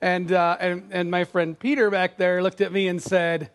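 Casting: middle-aged male pastor, high-pitched, chatty and self-deprecating in the pulpit. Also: level tone, moderate pace. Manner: conversational, self-deprecating, acts out quoted lines. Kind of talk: sermon.

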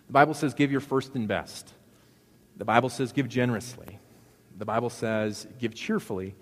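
A man's voice: medium pitch, moderate pace. A middle-aged man preaching a sermon in a loose, conversational way, joking and asking the congregation questions. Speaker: pastor. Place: church sanctuary. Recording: long hall reverb.

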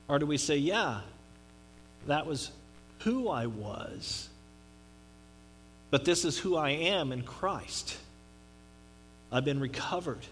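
Pastor guy with a high voice, chatty sermon, big echoey hall, goes soft then punchy. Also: lively intonation, measured pace, long pauses. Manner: conversational preaching with dramatic drops and rises.

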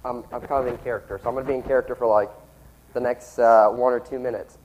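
A man's voice: mid-range voice, fairly even intonation, fast talker, darkish tone, a little hiss or hum, rough recording. A man who is a little sick, preaching and teaching in a conversational way and asking his listeners questions. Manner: conversational, asks the audience questions. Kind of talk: sermon and teaching.

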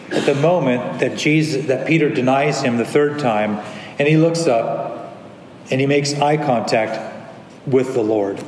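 A man's voice: mid-range voice, a little hiss or hum. A man preaching a sermon as pastor, earnest, sometimes acting out the people in the story. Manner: earnest, acts out quoted lines. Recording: echoey hall, faint ambience.

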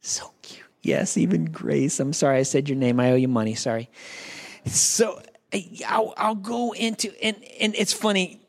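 A man's voice: a little high, lively intonation, normal speed. A man preaching a sermon in a conversational, joking way, talking straight to the congregation. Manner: acts out quoted voices. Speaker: pastor.

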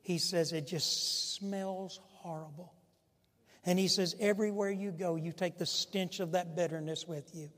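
A man preaching a sermon as pastor, impassioned, swinging from loud pleading to hushed emphasis. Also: sits high, steady tone, unhurried, long reverb tail.

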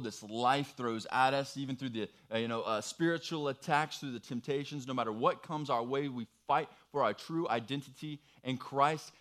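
An earnest man preaches to a young audience in a mid-pitched voice. He walks them through a worksheet with patient, encouraging instructions. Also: fairly bright tone. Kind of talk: sermon with worksheet activity.

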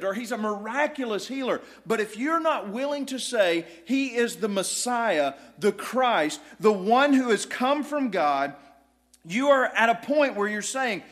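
A high-pitched man preaching from the pulpit of a church. He speaks as a pastor, driving points home with emphasis and sometimes sinking into a low, hushed intensity. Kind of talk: sermon. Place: church sanctuary.

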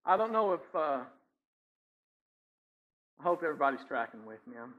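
A man preaches in a church, in a conversational style, checking in with "right?" and chuckling between points. His voice sits a little high for a man. The recording sounds dull and lo-fi. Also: very animated, normal speed. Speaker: pastor. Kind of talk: sermon. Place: church sanctuary.

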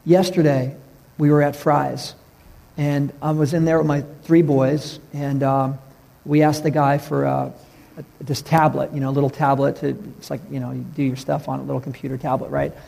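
A man preaching a sermon, telling stories in an earnest way and dropping his voice low for the tender parts. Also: flat delivery, moderate pace, gravelly. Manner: storytelling, earnest, drops to a hush for tender moments. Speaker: pastor. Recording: reverberant hall.

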